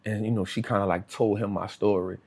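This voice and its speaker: A New Orleans man tells his life story as an interview guest, using casual street slang and lively retellings with acted-out quotes. His voice is fairly low and brisk.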